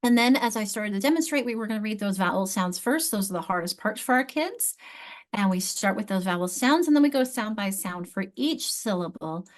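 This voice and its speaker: Leading an online training for teachers, a woman walks through spelling steps, frequently stopping to correct herself and restart her sentences. Her medium-pitched voice is animated, and she speaks a little fast.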